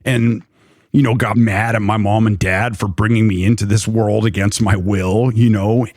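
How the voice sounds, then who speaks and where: A man's voice: on the low side, fairly even intonation, moderate pace, a little mellow, no room sound, clean studio sound. A young man recounting a personal story in loose, rambling conversation, full of fillers. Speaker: storyteller recounting his past.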